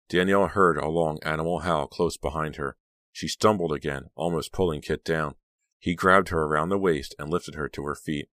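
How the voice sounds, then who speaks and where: A man narrating a horror audiobook in a steady, measured reading. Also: a bass voice, no room sound. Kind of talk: scripted narration.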